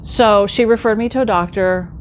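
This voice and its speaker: A woman's voice: medium pitch, normal speed, slight background noise. A middle-aged woman telling her own story in a casual vlog, chatty and talking straight to her viewers. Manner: chatty, addresses viewers directly, acts out quoted remarks.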